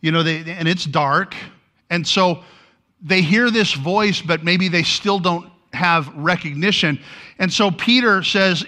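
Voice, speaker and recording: A pastor preaching a sermon, telling a story with lively energy and acting out the lines he quotes. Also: sits high, measured pace.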